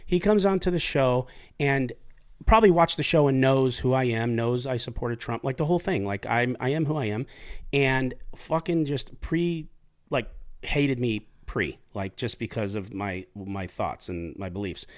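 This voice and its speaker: Swearing freely in casual conversation, this male podcast host spins stories with plenty of animation. His voice sits at a medium pitch, and he keeps a moderate pace.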